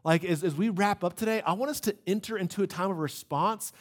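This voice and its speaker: A man's voice: sits high, a little fast. A young male pastor preaching a sermon in a conversational way, full of restarts and asides, sometimes acting out quoted voices. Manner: acts out quoted voices, shouting in bits.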